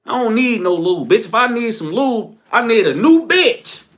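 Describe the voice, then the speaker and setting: Very high-voiced ranting young man. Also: moderate pace. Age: young adult. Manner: animated, crude, laughing. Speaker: commentator. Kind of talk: profane solo commentary rant.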